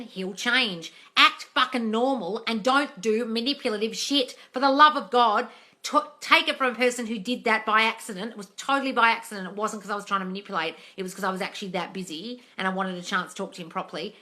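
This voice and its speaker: A woman's voice: mid-range voice, fast talker, sharp tone. A woman coach reading viewer questions aloud on a casual live stream, blunt and full of swearing, calling everyone darling.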